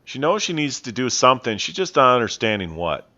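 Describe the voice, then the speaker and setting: A man, a horse trainer, calmly talking over his riding footage, explaining in a plainspoken, self-critical way. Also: medium pitch, brisk, muffled recording.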